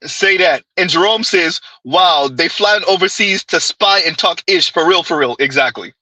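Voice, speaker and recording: High, bright-voiced man ranting to chat. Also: moderate pace, dry recording, poor audio. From Caribbean descent. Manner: emphatic, repeats phrases, talks to chat directly. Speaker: commentary host reading live chat. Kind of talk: animated live-stream commentary.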